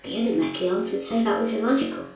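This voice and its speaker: A man voicing a giggly, clumsy female robot sweetheart in a falsetto for an audiobook. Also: huge pitch swings, fast talker, gravelly, exaggerated voice. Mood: chirpy. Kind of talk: audiobook character voice. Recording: echoey room, voice from afar, music behind.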